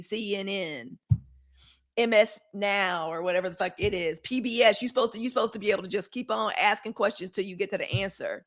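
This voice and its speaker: A middle-aged woman hosts a live news commentary show, speaking bluntly and with animation, swearing and reacting to viewer comments from the chat. Her voice is at a medium pitch.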